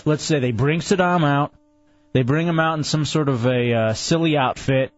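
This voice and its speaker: A man's voice: on the high side, moderate pace, no room sound. Man, radio host, argumentative, casual banter, dull dry sound. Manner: opinionated, argumentative. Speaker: radio talk show host.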